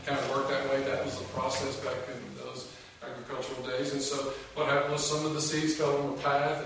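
A man's voice: mid-range voice, a bit bright. Male pastor, conversational sermon, quizzes the flock; distant mic, room hiss behind. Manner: conversational storytelling, asks the congregation questions. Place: church sanctuary. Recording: echoey church room, voice from off mic.

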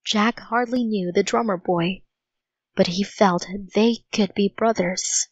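A woman reading a children's storybook aloud in a clear, even, unhurried way, on a dull lo-fi recording. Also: medium pitch, no echo. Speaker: narrator.

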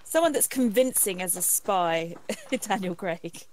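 A woman's voice: fairly low pitch, expressive, unhurried, slight background noise. A woman chatting and laughing with friends during a co-op game. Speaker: co-op player. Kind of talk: casual gaming chat.

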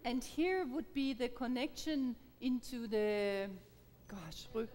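A woman with a high voice and darkish tone runs a live Feldenkrais workshop through an interpreter. She hesitates, repeats words, laughs often, and stays encouraging, and the hall around her is reverberant.

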